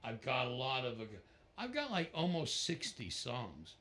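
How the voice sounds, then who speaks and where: Unhurried and medium-pitched, a middle-aged guest musician shares stories during an easygoing interview. He's a vivid storyteller who acts out how other people sounded.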